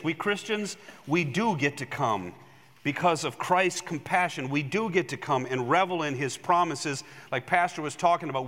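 A male pastor preaching a sermon in a church, telling stories with animation and swinging from loud emphasis to hushed asides. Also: on the high side, long reverb tail.

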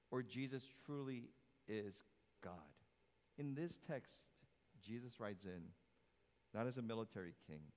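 Recorded with long hall reverb in a church sanctuary, this sermon comes from an animated male pastor. His delivery jumps between loud, emphatic moments and soft, low-pitched phrases, and he throws in jokes and questions for the congregation.

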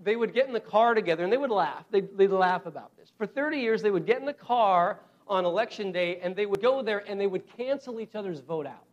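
A male preacher with a notably high voice delivers a sermon. He talks earnestly and directly to his listeners, as if in conversation. He stresses his main points by repeating them slowly. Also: expressive, dull audio. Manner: earnest, repeats key phrases slowly for emphasis; conversational, addresses the congregation directly.

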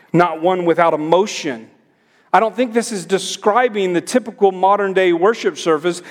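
A middle-aged man preaching a sermon as pastor, emphatic and rising on the commands he repeats. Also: high-pitched. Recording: long hall reverb.

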